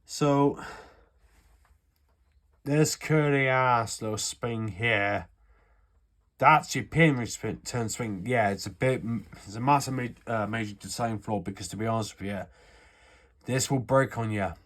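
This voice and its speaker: Unhurried and a bit bright, his mid-range voice leaves long pauses. The UK man casually demonstrates an airsoft gun repair, rambling and swearing throughout.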